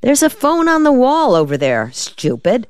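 A woman's voice: a little high, wildly swooping pitch, normal speed, smooth, no echo, pitched above the performer's own voice. A woman reading the part of a shrewd, wisecracking male defense lawyer in an audiobook, in a dry, decisive manner.

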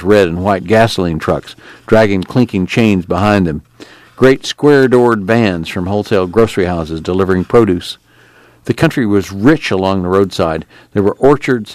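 A man narrating an audiobook in a steady, plain storytelling manner. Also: fairly low pitch, no room sound. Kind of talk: scripted narration.

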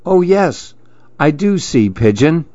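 A man voicing a curious, dreamy male mouse in a storybook reading, with a soft, wondering way of talking. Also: a little high, big pitch swings, slow, no echo, dull audio, pitched above the performer's own voice. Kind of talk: storybook read-aloud.

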